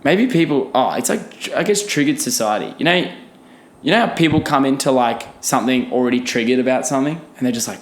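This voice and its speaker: A young man rants on his own podcast, swearing freely and poking fun at himself. His voice sits at a middling pitch, and a roomy echo hangs around it. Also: normal speed, a little hiss or hum. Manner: ranting, profane, self-deprecating. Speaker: podcast host. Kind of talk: solo comedic podcast rant.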